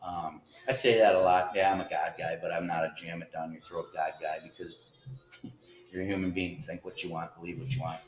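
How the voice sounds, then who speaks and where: This is a man's deep, unhurried voice rambling through a homemade vlog. He drifts between earnest reflections and sudden hearty outbursts, folksy and unscripted. The room rings back with echo, and a faint hiss sits under everything. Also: steady tone. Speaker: vlogger. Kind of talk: casual rambling monologue.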